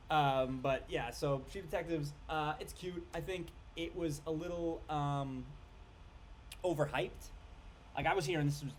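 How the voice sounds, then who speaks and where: A man's voice: mid-range voice, a little hiss or hum. A man giving a casual spoken movie review, rambling with lots of fillers, restarts and casual swearing.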